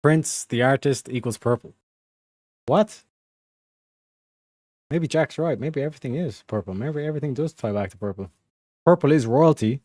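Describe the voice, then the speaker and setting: A man's voice: medium pitch, normal speed, long pauses, a little mellow, no room sound, clean studio sound. A young man hosting a livestream in casual, rambling chat, full of slang and "you know what I mean". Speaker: livestream host.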